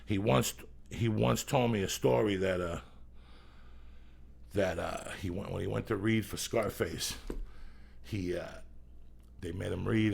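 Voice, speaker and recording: A man's voice: deep voice, gravelly, a little hiss or hum. A middle-aged man hosting a casual podcast while stoned, rambling through profane, loose stories. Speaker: podcast host.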